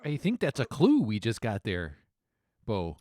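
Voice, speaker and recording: A man's voice: on the low side, huge pitch swings, measured pace, mellow, dry recording, studio quality. A man hosting and playing in a tabletop game, talking casually with hesitant restarts. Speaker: host and player.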